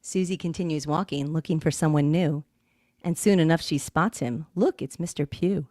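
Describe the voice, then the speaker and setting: A woman's voice: low-pitched, moderate pace, warm tone, no echo, studio quality. A woman co-hosting a podcast, reading listener-sent comic poems and breaking into laughter often. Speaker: podcast co-host.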